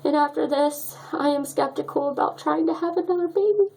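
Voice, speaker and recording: Emotional young woman with a gravelly voice. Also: high-pitched, fairly quick, mellow, low-quality recording. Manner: emotional, choked up. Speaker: vlogger. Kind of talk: personal story vlog.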